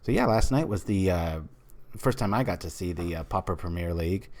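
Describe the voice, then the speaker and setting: A deep, low-pitched man from the United States commentates his card-game stream. He talks in a loose, rambling way, full of fillers and side remarks. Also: lively intonation, brisk, a little mellow. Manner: rambling, many fillers, chatty.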